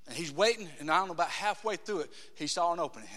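A man preaching a dramatic sermon in a church, acting out voices and swinging between hushed tones and shouts. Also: fairly high pitch, expressive, rapid-fire, in a large hall. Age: 30s.

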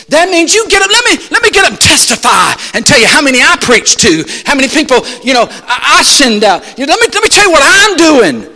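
A man preaching a sermon in church, calling out questions to the congregation and swinging between shouts and soft asides. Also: very high-pitched, wildly swooping pitch, a little fast, hardly any pauses. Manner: call-and-response, rhetorical questions to the congregation. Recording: long church hall reverb.

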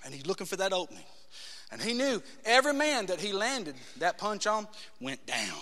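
A man preaching a dramatic sermon in a church, acting out voices and swinging between hushed tones and shouts. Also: high-pitched, sing-song, normal speed, big-room sound. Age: 30s.

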